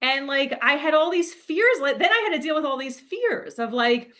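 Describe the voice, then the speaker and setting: A woman's voice: sits high, lively intonation, moderate pace, hardly any pauses, sharp tone. A young woman telling a rambling, laughing story in a casual monologue, full of fillers. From New Jersey. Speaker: spiritual coach.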